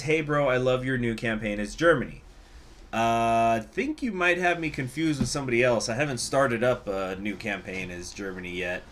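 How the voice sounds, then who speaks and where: A man's voice: mid-range voice, a bit bright, a little hiss or hum. A man casually commenting on a strategy game during a live stream, laughing often and answering viewers. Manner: chatty, laughs often, reacts to chat.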